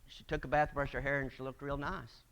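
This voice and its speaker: Gravelly preacher telling stories. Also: male voice, medium pitch, level tone, fairly quick, fairly bright tone. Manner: folksy storytelling, acting out quoted voices. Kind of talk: sermon. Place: church sanctuary.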